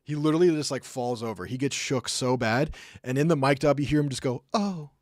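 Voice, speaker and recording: This young man's medium-pitched voice moves fast as he streams and casually breaks down hockey clips. The commentary is chatty and rambling, heavy on fillers and sound effects, recorded at studio quality without echo.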